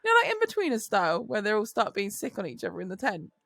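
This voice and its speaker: Gravelly, tired woman co-host. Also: mid-range voice, wildly swooping pitch, quick pace, a bit bright, no room sound, clean studio sound. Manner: storytelling, laughs often. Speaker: podcast co-host. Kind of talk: casual chat.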